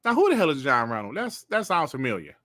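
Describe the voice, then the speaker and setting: A man's voice: a little high, wildly swooping pitch, fast talker, a bit bright, no room sound. A middle-aged man hosting a casual livestream, talking in a laid-back, slangy and profane way. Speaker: host.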